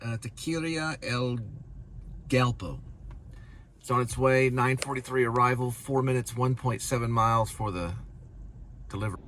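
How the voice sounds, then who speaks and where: A man's voice: medium pitch, moderate pace, pauses often. A man who drives deliveries, talking to himself in his car as he reads out order details and muses aloud. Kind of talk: casual talking to himself while driving. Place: inside a car on the road. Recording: loud road noise in a car. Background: car and traffic noise.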